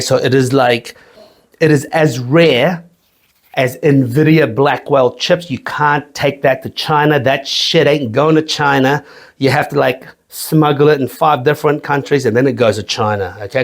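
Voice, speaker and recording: Joking, foul-mouthed man reviewing whisky. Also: mid-range voice. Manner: joking, profane, rambling. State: sweating in the heat. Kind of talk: casual review chat. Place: small home studio.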